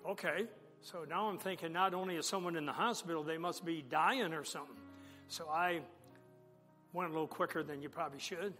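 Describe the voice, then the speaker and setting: Pastor telling a story in an echoing hall. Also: male voice, on the high side. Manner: animated storytelling, acting out dialogue. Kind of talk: sermon storytelling. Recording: long echo of a large hall, faint music.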